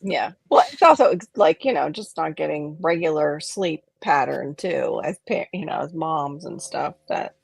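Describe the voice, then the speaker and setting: A woman's voice: low voice, expressive, moderate pace, gravelly, hardly any pauses, breathy edge, no room sound. A woman hosting a gardening livestream, chatting casually and giggling with friends from home. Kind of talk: casual chat.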